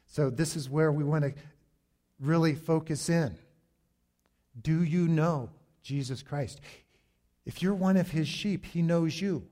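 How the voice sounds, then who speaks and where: Slow-speaking male pastor preaching. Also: a little high, mellow. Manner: slow, deliberate preaching with emphatic pauses. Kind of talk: sermon.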